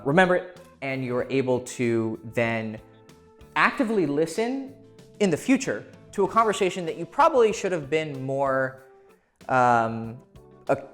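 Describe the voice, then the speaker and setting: A man coaching other men on dating, talking straight to camera in a loose, casual way. He swears freely and slips into little acted-out bits of dialogue. His voice sits at a middle pitch, with soft music playing faintly underneath. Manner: blunt and profane, acting out quoted voices. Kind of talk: casual advice talk to camera.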